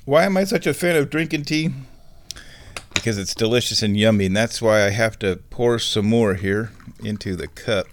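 A man hosting a comedy show, talking in a drawn-out, deadpan, mock-dramatic ramble. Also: lowish voice. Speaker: host.

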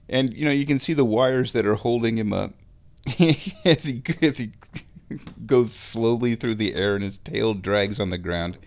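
Slow, gravelly man chatting casually. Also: mid-range voice. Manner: relaxed and rambling, chuckles often; talking while lying down. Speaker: solo show host. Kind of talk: casual monologue.

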